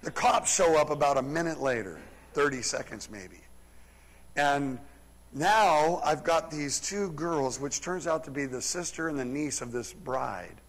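A man, a pastor, preaching and telling a story in a lively, chuckling way during a church service. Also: on the high side, a little slow. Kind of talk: sermon storytelling. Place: church service, large room. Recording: live church recording with long hall reverb.

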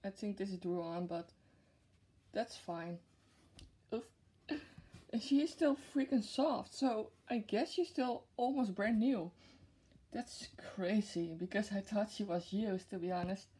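A woman's voice: medium pitch, measured pace, dark tone, husky. A young woman vlogging an unboxing in casual chat to camera, gushing and giggly. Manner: gushing and giggly, with frequent laughs. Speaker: vlogger showing a plush unboxing.

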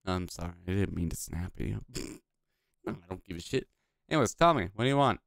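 A man's voice: deep voice, expressive, fairly quick, creaky, a bit bright, no echo, clean studio sound. A man casually commenting on a video game he is playing, blunt, profane and rambling. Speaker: gaming video host.

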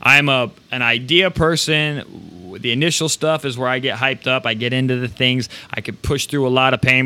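A man hosting a podcast, giving energetic, rambling motivational talk with casual swearing. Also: medium pitch. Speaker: podcast host.

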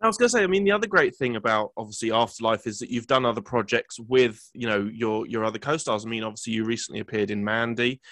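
Interviewer, mid-pitched, earnest and a bit rambling; dry recording. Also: male voice, quick pace, few pauses, fairly bright tone, no echo. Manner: earnest, rambling questions with fillers. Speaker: interviewer host. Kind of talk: interview questions.

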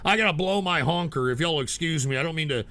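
A man hosting a livestream talk show while sick, ranting in exasperation and bursting into shouts. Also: fairly high pitch, quick pace, over a noisy crowd. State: sick, coughing. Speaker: show host.

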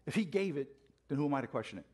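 A preacher grows fired up in a church sanctuary, delivering an impassioned sermon and throwing questions to the congregation. He speaks at a racing pace with lively intonation, his slightly high voice carrying a darkish tone.

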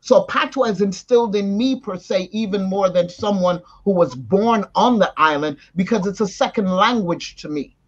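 A woman speaks with a Jamaican accent, talking casually as an interview guest. She moves freely between standard speech and patois with an animated delivery. The audio is dull and lo-fi. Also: mid-range voice, normal speed, hardly any pauses. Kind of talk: casual conversation.

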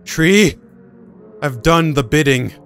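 A man's voice: a little high, expressive, takes it slowly, fairly bright tone, faint music behind. A man who streams games, giving crude, joking, rambling commentary as he plays. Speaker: gaming streamer. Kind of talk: casual gameplay commentary.

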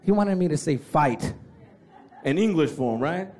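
A man's voice: a little high, moderate pace, background noise. A young man doing a stand-up comedy set, telling stories animatedly with lots of profanity, on a handheld mic before a live audience in a large venue. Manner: animated storytelling, lots of profanity, acts out voices. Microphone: handheld stage mic. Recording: live stage recording with audience laughter.

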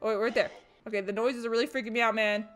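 A young woman streaming a horror game, jumpy and excitable, shrieking and swearing at the game as she plays. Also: on the high side, racing, faint music behind. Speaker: gaming streamer. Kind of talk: let's play commentary.

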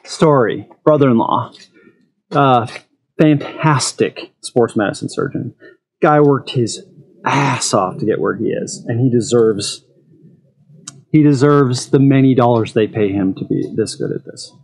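A man's voice: mid-range voice, a little slow, darkish tone. A man hosting an eFoil channel, talking frankly in a casual monologue and telling personal stories.

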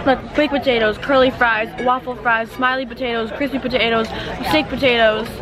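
A woman's voice: on the high side, fairly even intonation, a little fast, a loud crowd. A woman vlogging in a rambling, chatty way, full of filler "like"s, sounding tired at the end of the day. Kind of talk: casual vlog chat.

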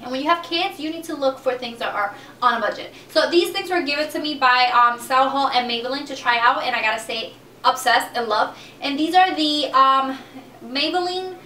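Bright, gushing young woman vlogger. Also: high voice, echoey room, distant mic, slight background noise. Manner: chatty and gushing, calls products "baby". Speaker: beauty vlogger. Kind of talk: casual product review.

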